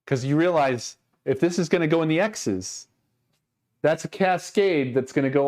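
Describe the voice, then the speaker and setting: A man's voice: on the high side, normal speed, darkish tone. A man streaming and chatting casually with his viewers, ranting in mock exasperation while he sorts things. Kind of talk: casual livestream chat.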